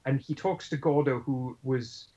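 A man's voice: mid-range voice, measured pace, warm tone, highs cut off, a little hiss or hum. A man co-hosting a podcast, discussing a film in a thoughtful, analytical way with some hesitation. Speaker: podcast co-host.

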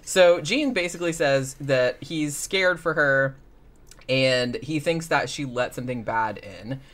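Sarcastic guy rambling through a recap, lots of swearing, average pitch voice. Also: measured pace, a bit bright. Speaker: podcast host. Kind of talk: casual chat.

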